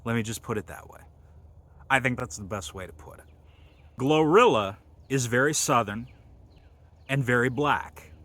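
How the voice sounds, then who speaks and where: A man hosting a comic video, rambling crudely with lots of fillers and deadpan bragging. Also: medium pitch, dry recording. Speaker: comedy video host.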